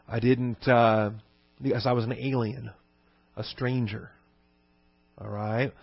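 A man's voice: mid-range voice, no room sound, muffled recording. A man preaching a teaching sermon in a conversational way, with rhetorical questions, fillers and restarts. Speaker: pastor.

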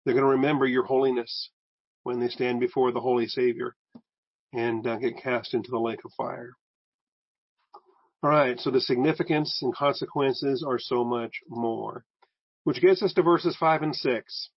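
A man's voice: medium pitch, fairly even intonation, normal speed, husky, dry recording. Man, Bible teacher, conversational, restarts phrases, dry dull recording. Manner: conversational, restarts phrases, explains Greek terms.

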